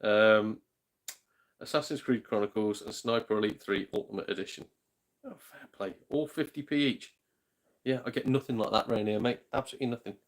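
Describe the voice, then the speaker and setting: A man's voice: fairly low pitch, fairly quick. A man with a British accent chatting casually on a live stream from home, rambling, mildly swearing and reacting to viewer comments. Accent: British English. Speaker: gaming channel host.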